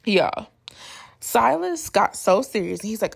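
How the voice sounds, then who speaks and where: A woman's voice: medium pitch, moderate pace, gravelly. A woman vlogger giving a casual, opinionated recap of a reality show, chatty and blunt with plenty of slang.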